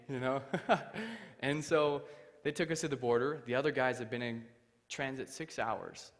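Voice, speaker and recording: A man's voice: medium pitch, fairly even intonation, a little fast, in a large hall. A young man giving his testimony from a church stage. He tells the story with animation and acts out the other people's voices. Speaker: guest speaker. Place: church hall.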